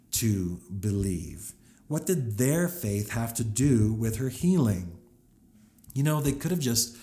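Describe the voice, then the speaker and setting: A man's voice: on the low side, darkish tone. A man preaching a sermon, talking it through conversationally and acting out the quotes he reads. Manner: conversational, with frequent restarts and acted-out quotes. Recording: roomy echo.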